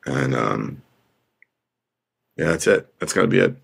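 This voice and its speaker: A man's voice: extremely low pitch, animated, unhurried, creaky, a bit bright, slightly rough. A man who is an actor, talking earnestly in an interview and repeating phrases like a pep talk to himself. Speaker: actor, podcast guest.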